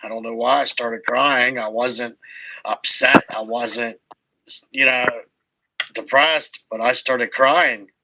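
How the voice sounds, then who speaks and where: A man hosting a casual livestream recap, telling his story slowly with halting restarts. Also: mid-range voice, steady tone, sharp tone, poor audio. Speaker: host.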